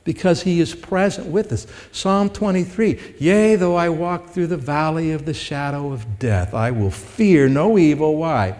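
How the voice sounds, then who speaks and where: Long hall reverb fills this recording of a pastor preaching to his congregation in the church sanctuary. His voice is a little high with a darkish tone, and he speaks expressively and without hurry, conversational at times and rising to emphatic peaks elsewhere.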